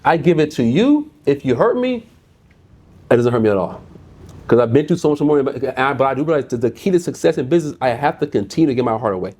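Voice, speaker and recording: A man's voice: mid-range voice, fast talker. A middle-aged man from the United States, a guest talking about his business in a casual interview and telling stories with lots of repetition. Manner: animated storyteller, repeats words often. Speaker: guest, insurance business owner.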